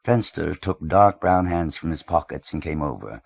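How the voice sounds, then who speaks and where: A man reading a novel aloud in measured, even audiobook narration. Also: rumbling low, creaky, no room sound.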